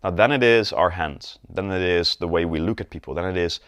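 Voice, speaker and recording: A man's voice: sits low, brisk, a bit bright, no echo, studio quality. A man teaching sales in a conversational video lesson, often checking in with the viewer and demonstrating gestures as he talks. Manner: demonstrates postures and gestures while talking. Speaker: sales coach.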